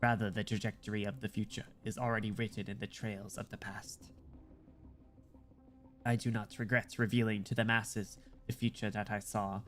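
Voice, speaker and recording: A ragged condemned man makes his last grand speech in solemn, measured oratory, as a male streamer reads him aloud. The voice sits low and is kept quiet. Soft music plays faintly beneath. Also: little pitch movement, natural voice. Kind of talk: dramatic reading of game dialogue.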